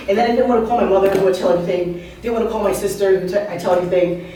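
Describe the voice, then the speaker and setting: This mid-range, warm voice moves at a quick pace, with a little hiss or hum in the recording. It belongs to an author in her fifties sharing humorous personal stories at an art venue open mic, chatty and full of asides and audience questions. The very echoey space makes her sound far away.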